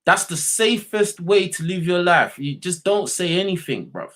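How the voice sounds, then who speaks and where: A man's voice: high-pitched, expressive, moderate pace, fairly bright tone. A young man hosting a livestream, ranting bluntly and with lots of swearing at his chat, and he keeps asking "you know what I mean". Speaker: livestream host. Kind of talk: unscripted rant to livestream chat.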